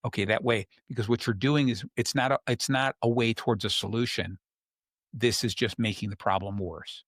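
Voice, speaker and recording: A man hosts a podcast in a calm, relaxed, explanatory way, pausing now and then to tell a story. His voice sits at an ordinary middle pitch. The sound is dry and close, with no room echo. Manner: calm, explanatory, tells stories. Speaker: podcast host. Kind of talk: casual coaching talk.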